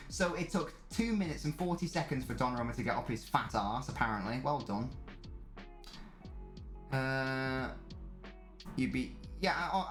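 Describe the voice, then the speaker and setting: A man's voice: mid-range voice, a bit bright. Man ranting over a live match. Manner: angry ranting, heavy swearing. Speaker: streamer. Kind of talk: live match watch-along commentary. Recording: echoey room.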